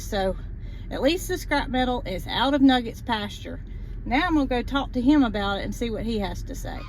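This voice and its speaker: Woman, casual vlog chat to camera, fairly high pitch, faint background noise. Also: low-quality recording. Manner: chatty, talks straight to viewers. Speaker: farm vlogger. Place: farm and truck, in and out of doors.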